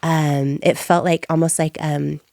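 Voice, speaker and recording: A woman entrepreneur telling her story in an interview, animated and acting out things she once said. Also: sits low, measured pace, vocal fry, no echo. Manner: animated, acts out her own past lines. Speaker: entrepreneur guest.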